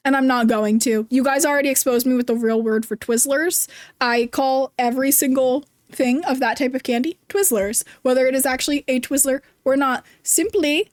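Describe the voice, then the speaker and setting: Gaming on stream and reading her chat, a young woman from New Jersey chats casually in her Jersey accent, giggly, rambling, and quick to put herself down. She has a high voice and a moderate pace, and the sound is clean, dry studio audio.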